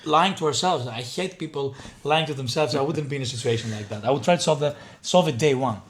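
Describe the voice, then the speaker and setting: A man's voice: medium pitch, fast talker, a little hiss or hum. Blunt, emphatic man talking sales. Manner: blunt, emphatic, repeats himself. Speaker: head of sales, guest. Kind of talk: casual business conversation.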